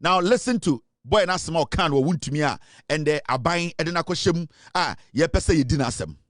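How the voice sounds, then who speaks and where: A man with a Ghanaian accent giving a forceful political commentary monologue, switching between English and Twi. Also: on the high side, expressive, brisk, no room sound, clean studio sound.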